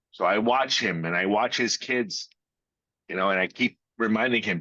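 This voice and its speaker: A man's voice: on the low side, pushed and bright, dry recording. Blunt, profane man, dry lo-fi sound. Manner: blunt and profane, with drawn-out pauses. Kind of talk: casual chat.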